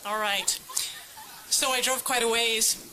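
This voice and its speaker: A woman's voice: a little high, fairly even intonation, slow, background noise. A woman in the audience of a live session, asking her question in a playful, confident way.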